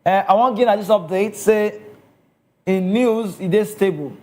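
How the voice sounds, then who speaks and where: High-voiced Nigerian man talking football. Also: unhurried, darkish tone. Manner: chatty, checks in with listeners often. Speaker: football commentator. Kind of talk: casual football commentary.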